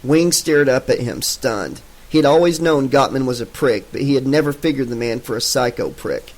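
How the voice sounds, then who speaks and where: A man narrating a horror audiobook in a steady, dramatic reading. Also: medium pitch, normal speed, rough recording.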